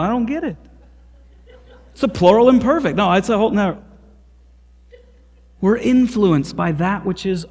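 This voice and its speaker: Missouri-accented man preaching in a reverberant church. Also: sits high. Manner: earnest preaching, turning lively and emphatic in asides. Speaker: pastor. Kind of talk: sermon. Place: church sanctuary.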